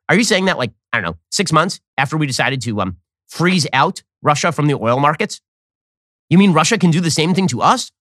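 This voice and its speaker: A man hosting a political commentary show, talking in a fast, mocking, sarcastic way. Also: dry recording, clean studio sound. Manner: mocking, rapid-fire, animated pitch swings.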